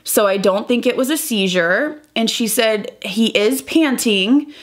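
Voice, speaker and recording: A woman's voice: fairly high pitch, a little slow. A young woman vlogger recounting a painful personal story while doing her makeup, talking in a rambling, emotional way full of "like" and quoted dialogue. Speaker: beauty vlogger.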